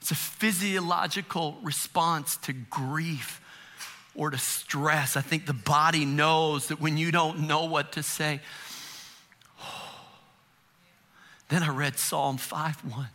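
Middle-aged guy preaching, chatty and joking, throws questions at the crowd, super bright punchy tone, a bit high. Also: steady tone, measured pace. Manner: conversational, humorous, rhetorical questions. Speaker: pastor. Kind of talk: sermon.

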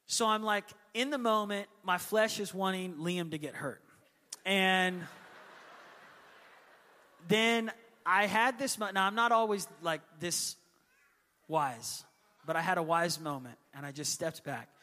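A man in his thirties, a pastor, preaching a sermon as a lively storyteller who acts out his kids' voices. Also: high-pitched, measured pace, pauses often, in a large hall. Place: church hall.

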